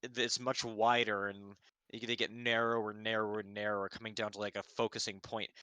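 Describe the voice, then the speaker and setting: A man narrates a fantasy scene as the dungeon master of a live-streamed tabletop game. His voice is bright and crisp. He wanders through fillers and half-finished words as he describes the action. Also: lowish voice, level tone, a little fast, no room sound, lo-fi sound. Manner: rambling with many fillers and restarts. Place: home setup, streamed live.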